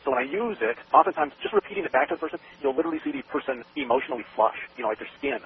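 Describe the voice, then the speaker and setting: A man talks at a rapid clip, his pitch jumping around as he acts out a sales talk, with a gravelly edge to his voice. He comes through a tinny phone line with faint hiss behind him. It is an interview about sales. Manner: fast, animated, acts out both sides of a sales talk. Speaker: sales trainer. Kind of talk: interview answers, explaining a sales method.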